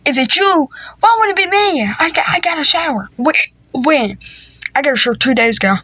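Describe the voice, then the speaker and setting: A woman's voice: high-pitched, animated, fairly quick, sharp tone, dry recording. A woman improvising a comedy family skit, talking in a playful, teasing, slangy way. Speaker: creator voicing a family skit.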